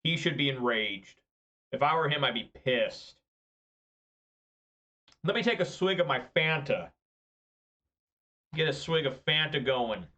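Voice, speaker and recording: A man casually commentating his own card game matches, muttering through quiet turns and getting loud and excited at big plays. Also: medium pitch, unhurried, pauses often, dull audio. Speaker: gameplay commentator.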